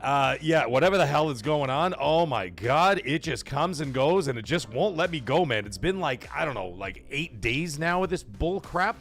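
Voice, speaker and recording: A middle-aged man hosting a live gaming stream, shouting hype and joking shout-outs to his chat. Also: a little high, animated, moderate pace, hardly any pauses, soft background music.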